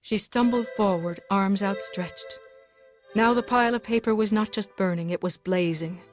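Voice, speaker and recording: A woman reading a dramatic novel aloud with steady, measured narration. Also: mid-range voice, soft background music. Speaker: audiobook narrator.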